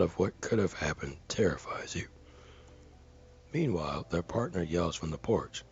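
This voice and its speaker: Deep gravelly man reading aloud. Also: lively intonation, normal speed, muffled recording. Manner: earnest, careful reading with dramatic stresses. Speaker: reader of a viewer comment.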